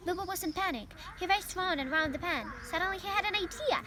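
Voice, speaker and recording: A woman's voice: very high voice, quick pace, background noise. A young woman from Ukraine, a native Ukrainian speaker, carefully reading a children's novel aloud in English with small slips. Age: young adult. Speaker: reader.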